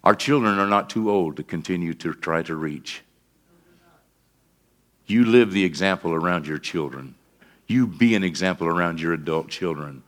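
A middle-aged man, preaching a sermon in a folksy style full of repeated phrases and asides. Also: deep voice. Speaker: pastor.

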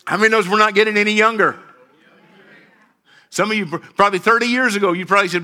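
A man's voice pitched high for a man and sharply bright, preaching a sermon. He is a middle-aged pastor who drives his points home by repeating phrases and calling for responses from his congregation. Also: steady tone, quick pace.

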